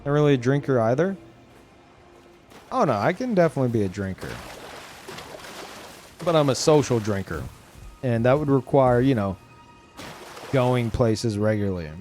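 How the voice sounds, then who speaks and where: A man's voice: mid-range voice, lively intonation, moderate pace, long pauses, darkish tone, faint music behind. Rambling, profane male streamer. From Louisiana, US. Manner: rambling, profane, many restarts. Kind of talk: casual live-stream chat.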